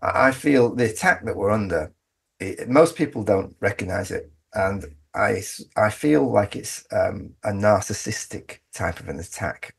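A man's voice: lowish voice, gravelly, husky. A man speaking as an interview guest, making his case emphatically and often restarting his sentences. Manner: emphatic, argumentative, with frequent restarts. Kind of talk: conversational interview.

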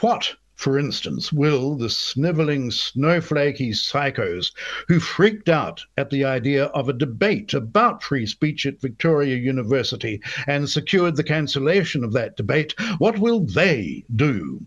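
A man's voice: medium pitch, sing-song, measured pace. A man reading scripted political commentary with sneering, ornate insults. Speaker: commentary host. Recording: slightly dull, muffled audio.

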